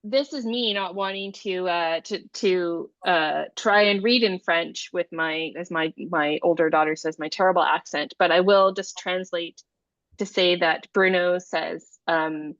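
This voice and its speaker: A woman's voice: fairly low pitch, steady tone, unhurried, fairly bright tone, dry recording. A middle-aged woman moderating a video-call panel discussion, hesitant with many restarts and fillers. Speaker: webinar moderator. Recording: dull lo-fi video call audio.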